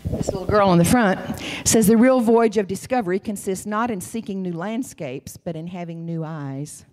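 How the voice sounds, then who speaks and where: A woman in her fifties giving a folksy, animated sermon as a guest church speaker, calling listeners honey. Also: mid-range voice, normal speed, big-room sound, slight background noise. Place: church sanctuary.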